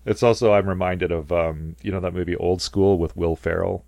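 A man's voice: deep voice, steady tone, normal speed, gravelly, darkish tone, dry recording. A man co-hosting a casual podcast, talking through a film scene and acting out quotes in goofy voices. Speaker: podcast co-host.

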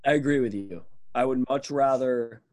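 A man's voice: medium pitch, moderate pace, a little mellow. A young man co-hosting a podcast, in casual chat, telling stories full of "like" fillers. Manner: storytelling, filler-heavy with frequent "like". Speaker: podcast co-host.

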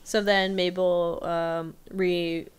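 A woman co-hosting a casual podcast, recapping an episode in chatty, giggly storytelling with quick quoted voices, recorded over a remote video call. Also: fairly low pitch, little pitch movement, clean tone. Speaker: podcast co-host.

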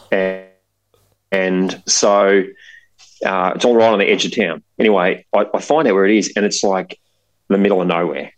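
A man's voice: low voice, moderate pace, poor audio. A man, a podcast host telling a long story in a casual, rambling way with many asides. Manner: animated, rambling, full of fillers and asides.

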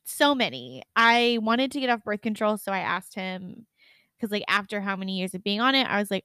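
A woman's voice: mid-range voice, normal speed, clean tone, dry recording. A young woman co-hosting a podcast, telling stories in casual chat, swearing and laughing a lot. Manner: animated storytelling, swears often, laughs a lot. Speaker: podcast co-host.

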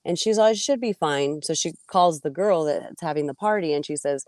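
Low-voiced woman with a stuffy cold. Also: a little fast, hardly any pauses, a little mellow, dry recording, clean studio sound. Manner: ranting, exasperated. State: sick with a cold, congested. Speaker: co-host. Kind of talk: casual livestream chat.

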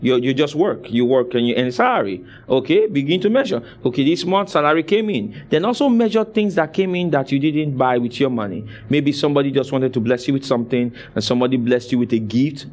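Male preacher, slightly high voice, drives points home through repetition and asks the congregation to answer back. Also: lively intonation, a little fast, darkish tone. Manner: exhorting, call-and-response with the congregation; repeats phrases for emphasis. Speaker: pastor. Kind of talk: sermon.

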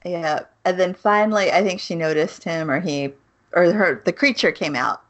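A woman's voice: fairly low pitch, moderate pace, a bit bright, dull audio. A woman co-hosting a podcast in casual chat, laughing often as she retells scenes of a show. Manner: chatty storyteller, laughs often, retells scenes with quoted voices. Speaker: podcast co-host.

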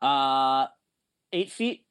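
A man's voice: medium pitch, expressive, very slow, a bit bright, clear, resonant tone, no room sound. A man telling a rambling, profane story in a casual podcast chat. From not from Jersey or Pennsylvania.

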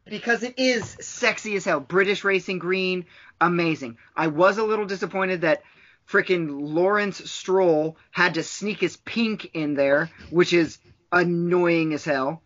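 A man's voice: high voice, measured pace, fairly bright tone. A man chatting casually on a podcast, rambling from point to point and cursing freely. He fills his talk with "like" and restarts. The sound is a bit dull and lo-fi. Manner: rambling, profane, with frequent fillers. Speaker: podcast co-host. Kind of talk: casual chat.

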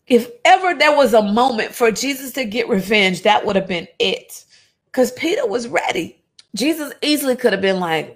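A woman preaching a sermon, reading scripture aloud with animated, conversational asides to her listeners. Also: fairly high pitch, moderate pace, creaky, slightly rough.

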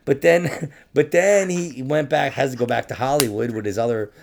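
A man's voice: medium pitch, moderate pace, creaky, a little mellow, a little hiss or hum. A man co-hosting a podcast, joking around with constant laughter and swearing. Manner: joking, profane, laughs often. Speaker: podcast co-host. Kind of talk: casual podcast banter.

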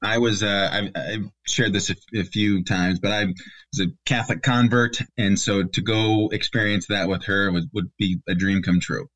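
A middle-aged man chatting as a podcast guest, halting with many restarts and fillers. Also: fairly low pitch, fairly even intonation, fairly bright tone. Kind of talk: casual interview chat.

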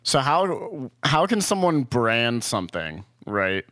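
A young man with a medium-pitched voice pushes back in casual chat, skeptical and teasing. His intonation is lively and varied. The recording is dry and close. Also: takes it slowly, no room sound.

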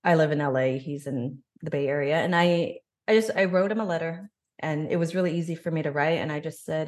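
A woman's voice: low voice, fairly quick, darkish tone. A woman in her thirties telling a personal story openly and reflectively in an interview. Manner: open, reflective, emotional storytelling. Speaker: podcast guest.

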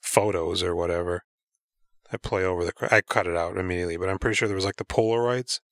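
A man's voice: sits low, steady tone, fast talker, fairly bright tone, no room sound, studio quality. A man in casual movie-podcast chat, retelling scenes and acting out the characters' lines in an offhand, profane way. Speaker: podcast co-host.

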